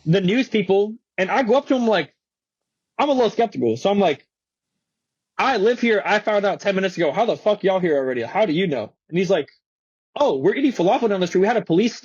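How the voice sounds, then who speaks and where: Husky high-voiced young guy telling a story. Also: a little mellow, dry recording, lo-fi sound. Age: young adult. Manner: profane, slangy, acts out quotes. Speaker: guest, pro skateboarder. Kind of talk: animated storytelling with quoted voices. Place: podcast studio.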